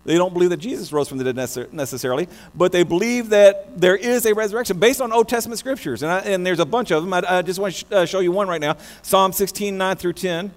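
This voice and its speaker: An American man preaching a sermon, animated, often restarting his words mid-phrase. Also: sits high, quick pace, few pauses. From United States. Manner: animated, many restarts and stammers. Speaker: pastor. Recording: long hall reverb with mains hum.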